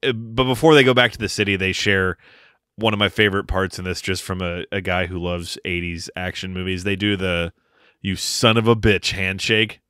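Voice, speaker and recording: Low bright-voiced man on a podcast. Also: fairly even intonation, a little fast, clear, resonant tone, dry recording, studio quality. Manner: laid-back, profane, laughs often. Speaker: podcast co-host. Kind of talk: casual film discussion.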